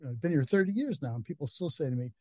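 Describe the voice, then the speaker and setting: A man's voice: a little high, lively intonation, racing, a little mellow, dry recording. A middle-aged man with a Northeastern US accent, a guest author chatting casually in an interview, with many fillers and easy laughs. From Connecticut.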